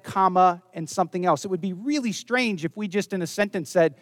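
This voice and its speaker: A man preaching a sermon, earnest, dropping low and soft when he quotes scripture. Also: fairly quick, no room sound, studio quality. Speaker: pastor.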